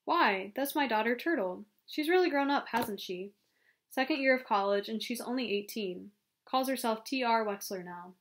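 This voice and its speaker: A woman's voice: a little high, lively intonation, moderate pace. A woman reading the lines of a proud, chatty mother who gushes about her daughter.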